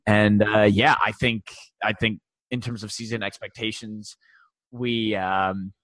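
A man in his forties hosts a casual sports podcast, his voice sitting a little low. He rambles, stopping and restarting with plenty of fillers. The sound is dry and close. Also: flat delivery, a little slow, a bit bright, no echo. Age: 40s. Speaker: podcast host.

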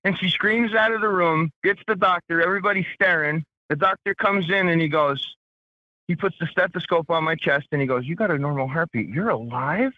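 A man calling in to tell a story about nearly dying, in a casual, animated way. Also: high voice, a little fast, no echo, muffled recording. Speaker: caller.

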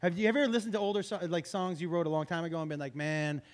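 A man's voice: fairly high pitch, racing. A man hosting a casual chat, telling funny stories with laughter and profanity. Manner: animated, laughing, profane storyteller. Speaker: podcast host and comedian.

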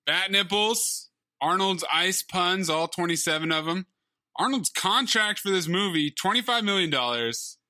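A man co-hosting a podcast, chatting casually and laughing as he runs through a movie's highlights. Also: measured pace, no echo. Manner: animated, laughing, listing highlights. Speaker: podcast co-host. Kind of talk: casual movie review chat.

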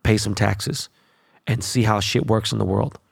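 A young man hosting a sports podcast, ranting bluntly with constant profanity in a casual, animated way. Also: fairly low pitch, normal speed, vocal fry, husky, no room sound, clean studio sound. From Los Angeles. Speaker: podcast host.

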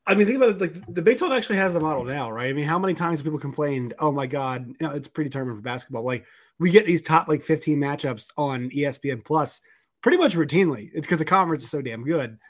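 A man's voice: fairly high pitch, animated, quick pace. A man hosting a sports podcast, talking casually and rambling with lots of fillers. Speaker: podcast host.

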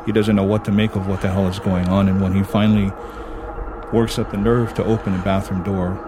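A man from Hawaii telling a personal ghost story in a measured, dramatic, conversational way. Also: low-pitched, flat delivery, background noise. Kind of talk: spoken storytelling. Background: music.

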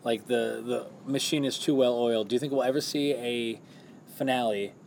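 A young man in casual group chat who acts out quotes in a lowered voice. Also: steady tone, moderate pace, creaky, darkish tone, slight background noise.

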